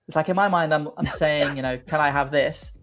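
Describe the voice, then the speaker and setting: A man co-hosting a livestream, talking in a halting, laid-back casual way with many restarts. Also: on the high side, steady tone, a bit bright, soft background music. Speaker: livestream co-host. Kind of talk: casual chat.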